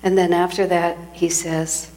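A woman's voice: on the low side, little pitch movement, measured pace, a little mellow. Woman giving a reflective sermon. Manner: reflective storytelling with frequent restarts.

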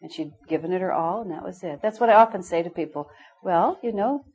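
A middle-aged woman gives an informal spiritual class. She tells stories candidly, and her lowish voice often breaks into laughter. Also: fast talker, a little mellow, slightly rough, dull audio. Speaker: spiritual teacher.

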